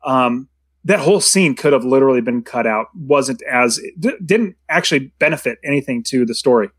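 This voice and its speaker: A man's voice: mid-range voice, lively intonation, moderate pace, husky, dry recording. A man co-hosting a casual movie discussion, talking in a rambling way with many restarts. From United States. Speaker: podcast co-host.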